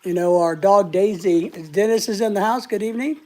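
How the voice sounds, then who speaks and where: A woman's voice: mid-range voice, normal speed, dark tone. A woman hosting a casual live stream, a little short of breath, rambling and greeting viewers one by one.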